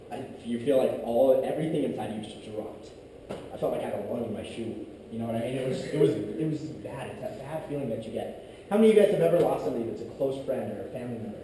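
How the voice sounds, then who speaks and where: A young man speaks to a youth group, telling a personal story in a casual, rambling style. His voice sits at an ordinary pitch and is picked up from a distance, with long echo filling the hall and room noise behind him. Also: dark tone. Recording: echoey distant room audio. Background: room ambience.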